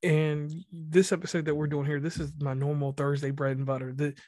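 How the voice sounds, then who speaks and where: A man from the rural Mid-Atlantic hosting a casual podcast interview, talking fast and rambling with many restarts. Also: on the high side, little pitch movement, darkish tone, no room sound, clean studio sound. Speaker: podcast host.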